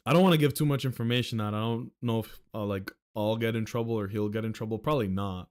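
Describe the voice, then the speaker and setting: A man's voice: fairly high pitch, a little mellow. A young man from the Philadelphia area ranting sarcastically on a livestream at a desk mic, profane and exasperated.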